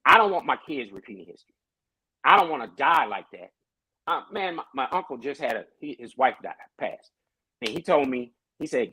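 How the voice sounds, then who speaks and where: A man who is a pastor, talking in a casual podcast discussion with animated, preacher-like storytelling. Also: mid-range voice, a little fast, slightly rough, dry recording, poor audio.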